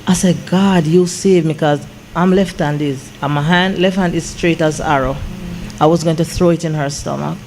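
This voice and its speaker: A woman's voice: low voice, moderate pace, slight background noise. A woman, a gospel singer and songwriter telling an emotional story as an interview guest, with lots of "I said" retellings. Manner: animated, repeats "I said" when retelling.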